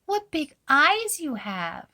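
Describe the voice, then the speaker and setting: Woman as a sweet little storybook girl, high and sing-song, slow. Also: big pitch swings, sharp tone, heavily acted. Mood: innocent. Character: sweet innocent little girl, Red Riding Hood.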